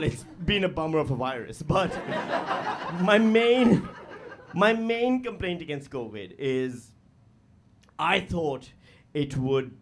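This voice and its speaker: A man doing stand-up comedy into a handheld stage mic, his voice pitched high for a man. He swings up and down with lively, animated delivery and breaks into loud mocking voices. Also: background noise. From Pakistan. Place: live comedy venue with audience.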